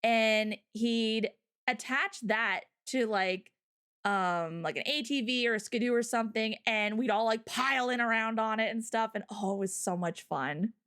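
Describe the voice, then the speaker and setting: A woman's voice: on the high side, moderate pace, a bit bright, clean tone. A young Canadian woman with a Canadian accent, hosting a casual livestream chat in a giggly, rambling way full of fillers. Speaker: livestream host.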